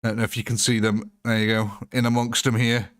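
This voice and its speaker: A man's voice: mid-range voice, flat delivery, quick pace, a bit bright, clear, resonant tone. Chatty man streaming a game. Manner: chatty and jokey, replies to viewers by name. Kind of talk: live gameplay commentary answering chat.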